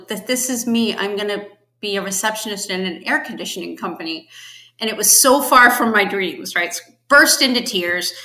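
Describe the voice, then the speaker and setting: Woman, podcast guest, chatty storyteller, bright voice, roomy echo. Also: mid-range voice. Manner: chatty storyteller, acts out quotes with laughs. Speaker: podcast guest, finance executive. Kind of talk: casual interview chat.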